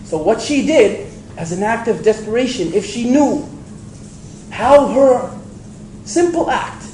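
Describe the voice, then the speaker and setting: A man giving a storytelling religious lecture to an audience, animated and acting out the voices he quotes. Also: high voice. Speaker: preacher. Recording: echoey hall with faint ambient noise.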